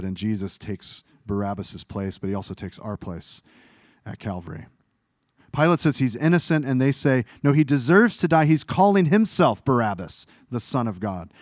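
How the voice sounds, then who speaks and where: Guy preaching a sermon, reads verses out loud, voice swells and drops, dry close mic. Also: mid-range voice, no echo. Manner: reads scripture aloud, voice rising and falling with emphasis; earnest, explanatory preaching with small self-corrections. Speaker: pastor.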